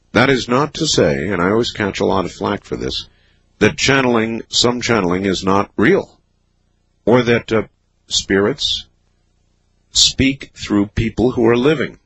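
A man hosting a late-night call-in radio show, talking in a dry, skeptical, measured way. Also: lowish voice, fairly bright tone, breathy edge, dry recording, rough recording. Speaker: radio talk show host. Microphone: studio microphone.

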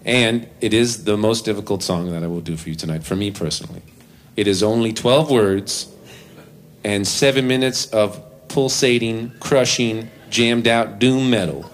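An animated man telling a comic story on stage between songs, poking fun at himself. His voice sits on the lower side and rises when he gets excited. A faint hum from the venue stays behind him. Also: normal speed. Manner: animated, self-deprecating. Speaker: comedic musician performing live. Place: live venue with audience.

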